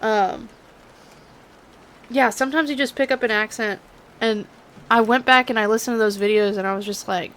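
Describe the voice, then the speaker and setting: A woman's voice: on the high side, fairly even intonation, normal speed, long pauses, a bit bright, low-quality recording. A young woman with a Californian accent that slips into a southern drawl, giving a chatty, self-mocking tarot reading. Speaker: tarot reader. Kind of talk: casual tarot reading chat.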